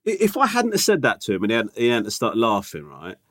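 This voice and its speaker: A man's voice: medium pitch, wildly swooping pitch, fairly quick, a bit bright. A man co-hosting a podcast, telling anecdotes casually and often asking "do you know what I mean". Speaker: podcast co-host. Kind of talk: casual chat.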